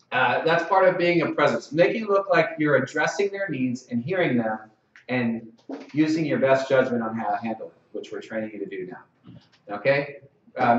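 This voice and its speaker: A man's voice: mid-range voice, far from the mic. A man giving a conversational training lecture in a room, often checking in with "okay?" and acting out sample lines. He sounds roomy and set back from the mic. The dull live-stream audio has little sparkle. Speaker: lacrosse officials trainer. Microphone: distant mic.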